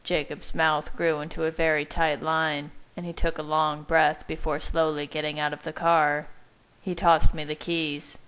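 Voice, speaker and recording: A woman reading fan fiction aloud in a measured, even first-person narration. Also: sits low, smooth, poor audio.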